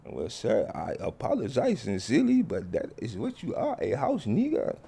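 A man's voice: mid-range voice, wildly swooping pitch, moderate pace, vocal fry, warm tone, slightly rough, full character voice. A man voicing an overly polite, stiffly formal man who keeps apologizing. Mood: prim politeness. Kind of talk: comedy skit voices.

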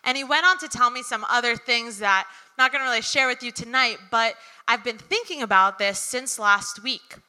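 A woman's voice: a little high, moderate pace, few pauses, bright, forceful tone. A young woman telling a personal story at a live event, chatty and full of ums and likes. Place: event venue with audience. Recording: reverberant hall.

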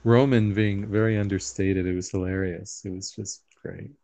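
A man's voice: lowish voice, steady tone, normal speed, dark tone, no echo. A man co-hosting a casual wrestling podcast, agreeable and easygoing. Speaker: podcast co-host. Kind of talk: casual wrestling recap chat.

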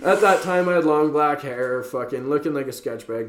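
A man's voice: on the high side, a little fast. A young man from western Canada, casually telling a rowdy story on a podcast, swearing freely and laughing as he goes. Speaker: podcast co-host. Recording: echoey room.

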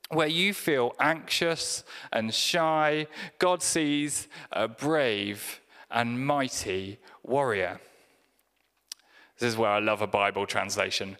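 A man's voice: medium pitch, takes it slowly, pushed and bright. A man preaching a sermon, in a conversational, humorous storytelling manner. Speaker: pastor. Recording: echoey church hall reverb.

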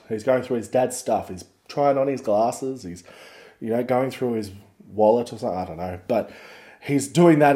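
A man hosting a podcast, rambling and joking in a casual monologue that turns loud and excited as he retells a story. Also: medium pitch. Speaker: podcast host.

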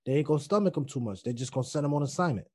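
A man co-hosting a casual movie review chat, relaxed and slangy, often restarting mid-sentence. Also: a little high, very fast, slightly rough, no room sound, studio quality. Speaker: podcast co-host.

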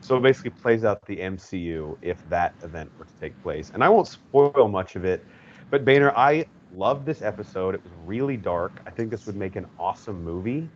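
A man's voice: fairly low pitch, animated, fairly quick, lo-fi sound, slight background noise. A man hosting a podcast, chatting enthusiastically in a casual way with frequent fillers. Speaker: podcast host. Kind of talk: casual chat.

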